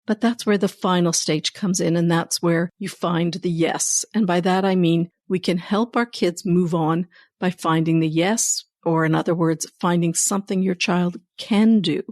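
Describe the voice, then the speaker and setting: A woman hosting a parenting episode, giving gentle, reassuring advice to parents in a conversational way. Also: fairly low pitch, fairly even intonation, normal speed, dry recording, clean studio sound. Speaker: parenting educator and podcast host. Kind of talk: warm advice talk to parents.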